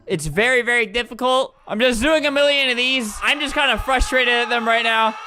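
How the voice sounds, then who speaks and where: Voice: mid-range voice, fairly quick, bright, forceful tone, a little hiss or hum. A video creator giving casual, sarcastic commentary over gameplay. They sound exasperated and laugh often.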